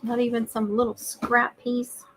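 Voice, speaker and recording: A woman's voice: a little high, little pitch movement, measured pace, a bit bright, low-quality recording. Chatty Southern woman crafting. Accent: Southern American. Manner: chatty, talks to viewers while working. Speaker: craft livestream host. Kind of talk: casual chat while crafting.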